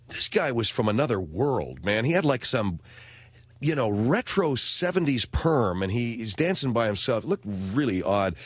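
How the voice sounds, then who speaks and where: A middle-aged American man hosting a talk radio show, telling stories in a wry, animated way. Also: mid-range voice, dry recording. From United States.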